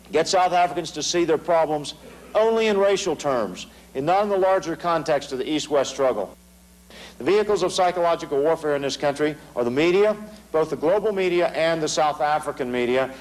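Middle-aged American man, fairly high voice, emphatic stage lecturer with sarcastic, repetitive punch. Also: poor audio. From United States. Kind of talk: political lecture to a large audience. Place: large hall before an audience.

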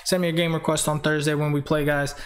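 Chatty, slightly high-voiced man streamer. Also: level tone, fast. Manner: rambling, chatty, reads out viewer names, laughs often. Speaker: game streamer host. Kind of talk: casual live-stream chat.

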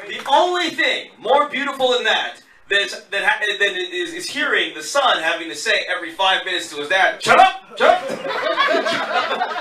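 A man doing a stand-up comedy set at an open mic, animated and riffing on the crowd. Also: high voice. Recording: roomy club, far mic, loud crowd. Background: crowd laughter and noise.

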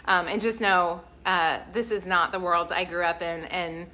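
A woman's voice: mid-range voice, steady tone, moderate pace, hardly any pauses, pushed and bright, a little hiss or hum. A woman, hosting a home channel live stream from her kitchen and gushing thanks to viewers by name. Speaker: lifestyle channel host.

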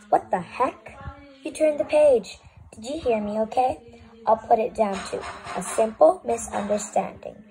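A woman giving an expressive, dramatic reading of a children's book, swinging between pleading and exasperation. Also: on the high side, vocal fry, rough recording. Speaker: storybook reader.

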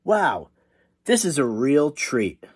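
A man's voice: mid-range voice, big pitch swings, slow pace, breathy edge, heavily acted. A man voicing a hopeful, put-upon young boy in a storybook reading, speaking in eager exclamations.

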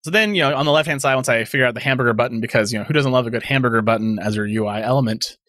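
A man's voice: mid-range voice, racing, fairly bright tone, no room sound, studio quality. A man co-hosting a casual tech podcast, sarcastic and rambling as he thinks aloud. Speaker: podcast co-host.

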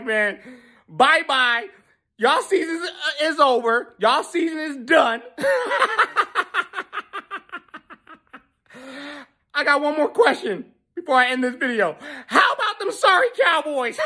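A woman's voice: sits high, pushed and bright. A woman vlogger taunting a losing sports team in a reaction video, laughing between her jabs.

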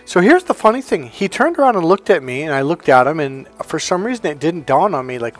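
A man casually telling personal stories to camera, animated and rambling, laughing as he goes. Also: on the high side, brisk, hardly any pauses, faint music behind. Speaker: spiritual coach and video host. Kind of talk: casual storytelling monologue.

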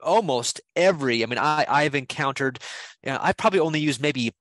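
A man's voice: fairly high pitch, lively intonation, brisk, fairly bright tone, dry recording, poor audio. Easygoing guy explaining a program, repeats himself, dry sound. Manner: friendly, repeats himself, restarts often. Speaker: guest expert. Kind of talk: casual explanatory chat.

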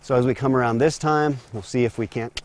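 A man giving a calm, steady instructional demonstration as a horse trainer, talking while working a horse in an outdoor round corral. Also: mid-range voice, a little fast, a little hiss or hum.

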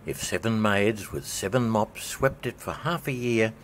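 A man's voice: lowish voice, animated, measured pace, slight background noise. A man voicing a pompous, sly and sentimental old male walrus in a storybook reading. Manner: theatrical, raised storybook voice.

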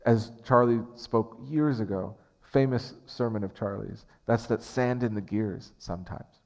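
Man, pastor, sermon, earnest conversational preaching, fairly low voice, long church reverb. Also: unhurried, gravelly. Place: church sanctuary.

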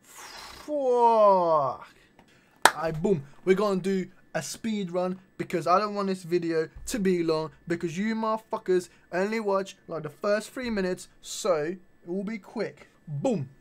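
High-voiced slangy young man. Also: normal speed, hardly any pauses. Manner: animated slangy banter with frequent swearing. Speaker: vlogger. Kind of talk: casual chat showing his shoe collection.

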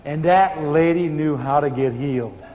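A man preaching, telling stories with animated laughter. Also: a little high, moderate pace. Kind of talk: sermon storytelling. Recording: muffled hall recording with faint hiss.

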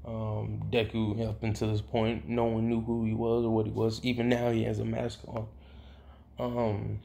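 A man improvises a fan story aloud in a relaxed, rambling way, full of fillers and self-corrections. His voice carries a gravelly fry, and he gets loud and excited when the story turns dramatic. A faint hiss runs under the recording. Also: fairly low pitch. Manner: rambling, with many fillers and restarts. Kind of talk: casual improvised retelling.

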